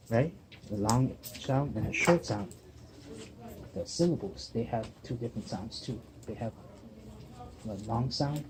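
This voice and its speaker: Patient man teaching in a noisy classroom. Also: fairly low pitch. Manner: patient, checks in with "okay?" and "right?". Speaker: student teacher. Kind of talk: one-on-one reading lesson. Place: table at the back of a busy classroom. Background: classroom chatter.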